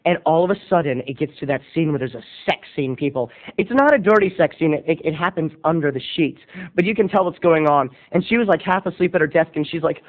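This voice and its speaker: A man in his thirties, an animated, giggly video blogger telling a comic story straight to his viewers. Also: fairly high pitch, fast talker. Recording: tinny lo-fi webcam audio.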